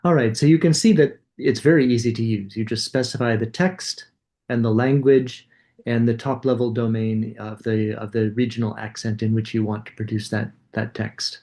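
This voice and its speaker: A man's voice: medium pitch, fairly even intonation, moderate pace, a little mellow. A man giving a coding lecture, casually thinking aloud and demonstrating code as he goes.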